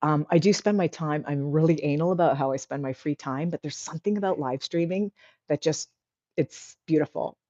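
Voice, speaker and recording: Low-voiced, mellow woman hosting a livestream. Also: brisk, dry recording, muffled recording. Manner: chatty and encouraging, reads viewer comments aloud. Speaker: livestream host. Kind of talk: casual livestream chat.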